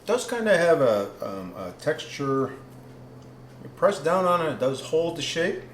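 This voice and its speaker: A man's voice: on the high side, very animated, measured pace, reverberant, slight background noise. A man hosting a casual cooking vlog, rambling with many ums and restarts, sometimes talking while tasting food. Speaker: keto cooking vlogger.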